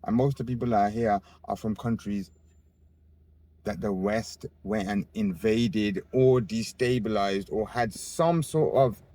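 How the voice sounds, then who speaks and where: A man's voice: medium pitch, a little mellow. A young man ranting on a city street outdoors, combative and swearing, firing off rhetorical questions and sarcastic asides. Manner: sarcastic asides and voiced mockery. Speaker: street interviewee. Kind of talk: ranting monologue on camera.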